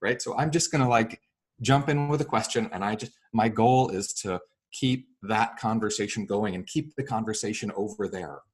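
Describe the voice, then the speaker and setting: A man speaking as an interview guest, explaining his ideas with many fillers and lively acted-out example dialogue. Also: lowish voice, normal speed, breathy edge. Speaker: real estate broker and coach.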